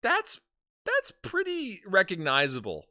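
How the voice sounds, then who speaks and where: A playful man co-hosting a relaxed chat show, with a bright, smooth voice that swings widely in pitch. He jokes around and hams up whatever he reads aloud. The sound is dry and close, with no room behind it. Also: measured pace, no room sound. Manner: playful, reads profiles aloud with mock drama. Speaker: podcast co-host. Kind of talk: casual chat.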